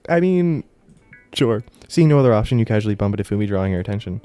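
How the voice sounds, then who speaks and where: A man's voice: lowish voice, lively intonation, fast, dark tone, smooth, no room sound, faint music behind. A man playing a visual novel, reading its narration aloud and tossing off sarcastic, swearing asides. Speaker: let's play host. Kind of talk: casual gaming commentary, reading narration aloud.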